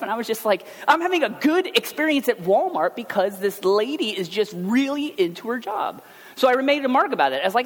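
A man preaching a sermon as pastor, telling everyday stories in a chatty, animated way. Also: extremely high pitch, brisk. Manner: conversational storytelling, animated asides. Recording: long hall reverb.

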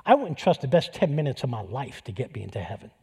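A male pastor preaching a sermon, telling stories with lively acted-out dialogue. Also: mid-range voice, quick pace, gravelly, slightly rough, long reverb tail. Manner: animated storytelling, acting out dialogue.

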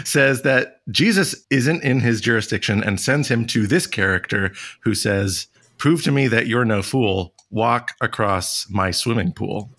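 A man's voice: mid-range voice, unhurried, fairly bright tone. A man in his thirties running a casual trivia podcast round, rambling a bit and laughing often. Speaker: trivia quizmaster.

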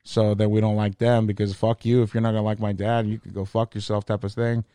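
A man telling a crude, rambling story in a casual podcast chat, swearing constantly and speaking with animated energy. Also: lowish voice, fast, smooth, no echo. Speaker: comedian podcast host.

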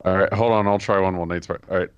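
Podcast host, man, low voice, loose and halting. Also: steady tone, clean tone, highs cut off. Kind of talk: casual podcast chat.

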